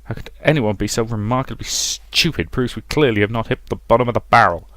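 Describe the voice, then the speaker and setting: Dude playing a bossy sarcastic major, chews people out, kinda forceful. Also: male voice, mid-range voice, a little fast, dry recording, lightly acted. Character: stern, contemptuous male major who booms.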